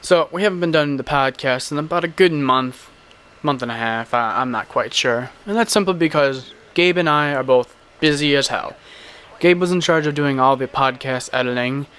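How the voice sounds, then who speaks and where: A man's voice: mid-range voice, normal speed, fairly bright tone, clear, resonant tone. A young man hosting a casual gaming podcast, talking in a blunt, rambling way. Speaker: podcast host.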